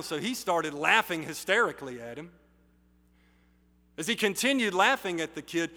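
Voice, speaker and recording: A male pastor preaching a sermon in slow, deliberate phrases with emphatic pauses, in a church sanctuary. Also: fairly high pitch, pushed and bright. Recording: reverberant sanctuary hall.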